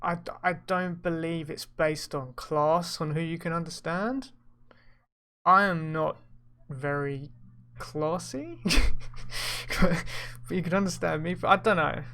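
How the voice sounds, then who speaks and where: A man from England, hosting a casual reaction video and quick to stop and question what he hears. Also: on the high side. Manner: animated, quick to interrupt and question.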